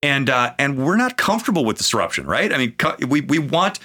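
A man speaking as a pastor in a conversational podcast, earnest, with many fillers, slowing into a preaching cadence at times. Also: medium pitch, sing-song, pushed and bright, slightly rough. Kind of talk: conversational podcast talk on faith.

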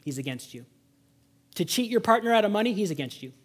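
Pastor guy giving a sermon, kinda husky, high voice, gets loud then drops real quiet. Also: big pitch swings, fast talker. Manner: swings from loud exhortation to hushed, intimate emphasis. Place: church service.

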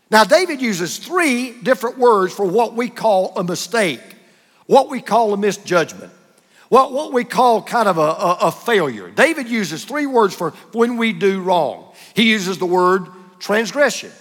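A man's voice: high-pitched, big pitch swings, unhurried, big-room sound. A man preaching a sermon as pastor, emphatic and driving his points home with short repeated contrasts.

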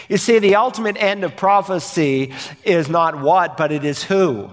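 Preaching pastor in a reverberant hall. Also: male voice, high voice, moderate pace. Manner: earnest preaching with rhetorical questions and emphatic repetition. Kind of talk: sermon.

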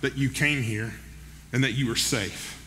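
A man voicing an elderly devout grandmother, soft, steady and firm, heard in a large reverberant hall. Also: medium pitch, unhurried, slight background noise, pitched below the performer's own voice. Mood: gentle.

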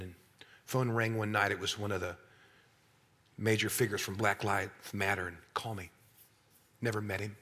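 A middle-aged man preaching a sermon, swinging from hushed asides to loud, acted-out voices. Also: lowish voice, husky.

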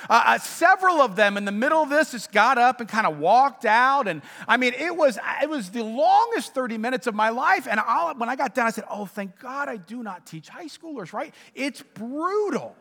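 Man, pastor, lively high-pitched sermon voice, church echo. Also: moderate pace, creaky, few pauses. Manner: animated storytelling preacher.

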